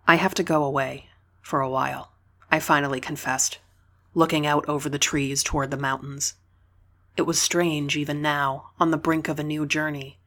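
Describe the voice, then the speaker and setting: A woman reading a novel aloud in the first person, calm, measured and reflective. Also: sits low. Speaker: audiobook narrator.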